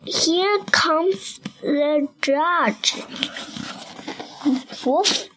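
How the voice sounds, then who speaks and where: A little girl reading a picture book aloud in English, slowly and carefully, with a few restarts, barking the dog's woofs in a lower voice. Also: soft background music, rough recording. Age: child. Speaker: young reader.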